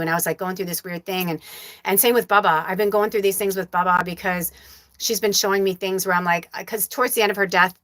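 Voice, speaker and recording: A woman's voice: medium pitch, quick pace, a bit bright, no echo. A woman hosting a live stream as a psychic medium, talking candidly and emotionally and swearing often. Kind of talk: casual emotional livestream talk.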